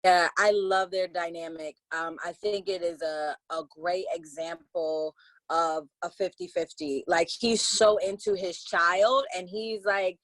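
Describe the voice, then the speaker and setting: A woman co-hosting a podcast, chatting casually with slangy, animated storytelling. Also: fairly low pitch, measured pace, dry recording. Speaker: podcast co-host. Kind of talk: casual chat.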